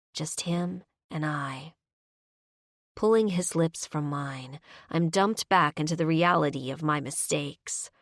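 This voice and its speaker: Low-voiced woman narrating a romance audiobook. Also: no room sound, clean studio sound. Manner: emotive, voicing both characters' dialogue. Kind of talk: first-person romance narration.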